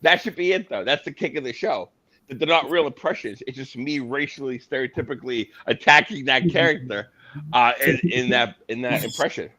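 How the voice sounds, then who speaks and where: A man co-hosting a comedy podcast who talks in a loose, profane, animated way between his impressions. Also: medium pitch, a little fast, poor audio. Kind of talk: casual chat.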